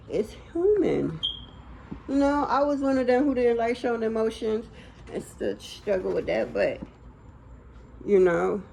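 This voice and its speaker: A woman's voice: mid-range voice, vocal fry, dark tone, slight background noise, poor audio. A young woman giving a casual tarot reading, blunt and slangy, talking straight to the viewer. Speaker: tarot reader.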